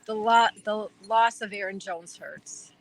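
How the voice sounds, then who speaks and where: A woman's voice: mid-range voice, a little slow, low-quality recording. A woman with a Wisconsin accent, a podcast guest chatting eagerly about her team in a rambling way with plenty of fillers. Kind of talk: casual chat.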